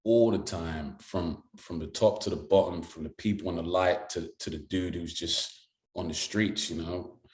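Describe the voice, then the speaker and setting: A man with a British accent, an actor guest telling an animated story in conversation. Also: low voice, moderate pace, reverberant. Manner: lively storyteller who slips into voices.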